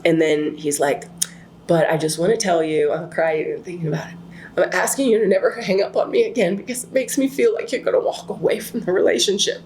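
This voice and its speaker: A woman's voice: deep voice, darkish tone, echoey room. A woman teaching a relationship class in a casual, chatty way. She tells personal stories with lots of fillers and asides.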